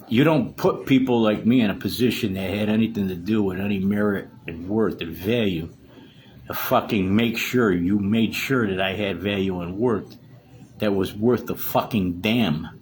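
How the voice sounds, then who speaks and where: A man's voice: on the low side, normal speed, darkish tone, slight background noise. A distraught man in a solo monologue, ranting in an agitated way with heavy swearing.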